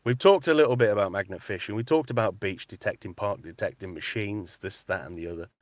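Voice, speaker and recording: A metal-detecting vlogger and voice artist chats casually on a live stream, reading out comments from a cupboard he's turned into a recording booth. His voice is on the low side and fast, with no echo. He's chatty and animated and repeats himself.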